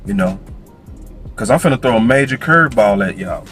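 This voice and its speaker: A man's voice: mid-range voice, big pitch swings, brisk, fairly bright tone, faint music behind. A man giving playful, slangy football commentary in a played video clip.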